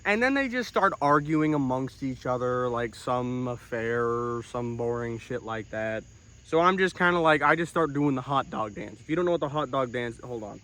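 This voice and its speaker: A young man in a comedic monologue, self-important and deadpan, breaking into outraged, swearing outbursts. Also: mid-range voice, moderate pace. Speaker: comedic storyteller in character.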